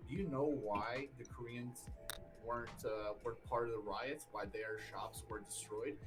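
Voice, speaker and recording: A slightly drunk man argues over a voice call, slurring a little. His delivery is forceful and repetitive, at an ordinary pitch. Music plays clearly behind him. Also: far from the mic, poor audio. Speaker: debate participant. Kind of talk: heated online debate.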